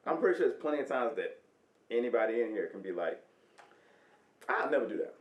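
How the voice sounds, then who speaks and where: A man's voice: mid-range voice, very animated, brisk, far from the mic, lo-fi sound. A man hosting a podcast, teasing his guests in casual chat and swearing freely. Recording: echoey room.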